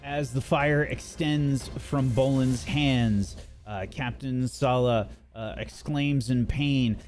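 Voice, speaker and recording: A male game master narrates combat in a tabletop game at a very slow, deliberate pace. His voice sits mid-range, and he pauses often on ums and uhs as he works out the rules. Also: medium pitch, fairly even intonation, darkish tone, soft background music. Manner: unhurried, many fillers.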